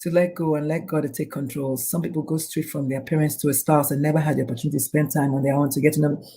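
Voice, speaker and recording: A woman's voice: low-pitched, little pitch movement, very fast, warm tone, a little hiss or hum. A middle-aged woman speaking as a guest in a talk show interview, emphatic and preachy, often acting out the people she quotes. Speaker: guest, doctor and suicide prevention speaker.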